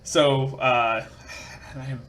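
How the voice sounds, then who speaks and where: A man's voice: medium pitch, steady tone, drawn-out words, fairly bright tone. A man narrating a tabletop game as game master, casual and self-deprecating, laughing easily.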